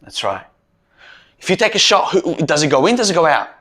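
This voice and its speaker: Man, motivational coach, husky bright voice, lively pitch, yells chants at his team. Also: brisk. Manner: rousing, leads loud shouted chants. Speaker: mental performance coach.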